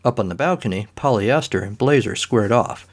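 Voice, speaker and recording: A man narrating a comic story in a dry, deadpan manner. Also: fairly low pitch, normal speed.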